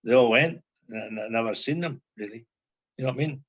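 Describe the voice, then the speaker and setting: Older man, husky and rambling. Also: mid-range voice, brisk, muffled recording. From Scotland. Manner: rambling, repeats phrases, many "you know what I mean". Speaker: podcast guest, former footballer. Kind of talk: casual reminiscing chat.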